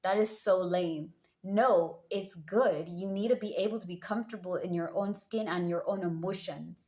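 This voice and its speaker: A woman's voice: fairly low pitch, moderate pace, dark tone. A woman talking casually to her viewers as a tarot reader, rambling and chatty with lots of fillers. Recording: roomy echo.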